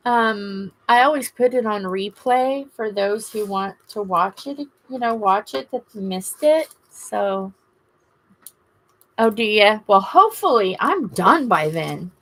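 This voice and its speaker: Speaking slowly in an expressive, medium-pitched voice with a bit of brightness, this middle-aged woman has a Southern US accent. She hosts a casual livestream, gushing and rambling as she talks to viewers.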